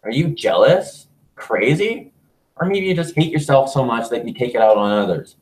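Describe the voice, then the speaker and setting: A man reading aloud the lines of an obsessive, unhinged young woman from a game, in a soft, intense voice. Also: medium pitch, animated, moderate pace, close to an everyday voice. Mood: cutting. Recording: echoey room.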